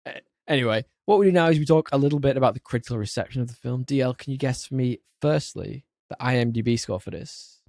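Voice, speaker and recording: A man's voice: mid-range voice, quick pace, creaky, darkish tone, no room sound. Jokey male podcast co-host, dry sound. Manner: jokey, steers the talk with quiz questions. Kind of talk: casual film-review chat.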